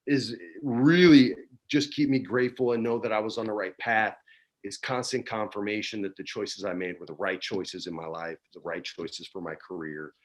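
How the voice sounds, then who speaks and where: A man in his forties from New Mexico, a guest telling stories in a relaxed chat, dropping "man" and "dude" often, on a video call from home. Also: mid-range voice. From New Mexico, USA. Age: 40s. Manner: laid-back, peppers talk with "man" and "dude". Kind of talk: casual storytelling chat.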